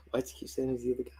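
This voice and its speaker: A man co-hosting a livestream in casual chat, answering in a low-key, dry way. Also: warm tone, slightly rough, poor audio. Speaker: livestream co-host.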